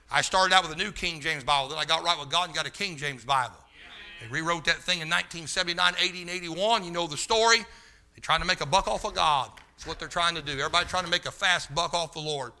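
A man preaching a sermon in a fervent, folksy way, talking straight to the room and rising to shouts. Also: on the high side. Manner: loses his place, talks to the room.

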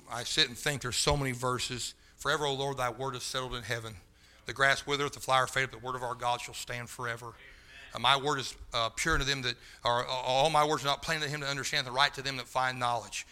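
A man preaching a sermon in a fervent, folksy way, talking straight to the room and rising to shouts. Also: medium pitch. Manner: loses his place, talks to the room.

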